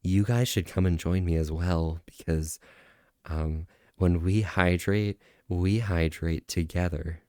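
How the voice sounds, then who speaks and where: A man putting on a sweet, shy fox streamer voice with slow, drawn-out words. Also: low voice, steady tone, mellow, no echo, studio quality, pitched below the performer's own voice. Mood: gentle. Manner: slow, drawn-out, bashful delivery. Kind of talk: streamer impression of a friend.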